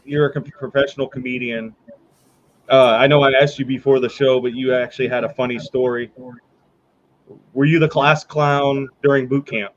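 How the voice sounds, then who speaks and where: Joking podcast host, dull lo-fi sound. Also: male voice, medium pitch, fairly even intonation, moderate pace. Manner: joking, laughing, loose with fillers. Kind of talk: casual podcast chat.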